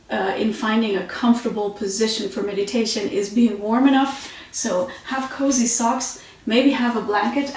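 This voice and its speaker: A woman teaching meditation and yoga sitting positions in a relaxed, conversational way, with fillers and restarts, recorded on a mat at home. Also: a little high, slight background noise. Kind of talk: instructional talk. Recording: very echoey room, mic at a distance.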